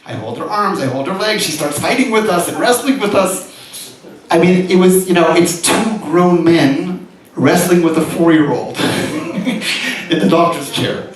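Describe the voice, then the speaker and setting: Animated rabbi telling a story in an echoing hall. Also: male voice, high-pitched, a little slow. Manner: animated, often laughing mid-story. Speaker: rabbi giving a lecture. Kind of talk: storytelling talk to an audience. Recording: echoey hall, mic far off, faint noise.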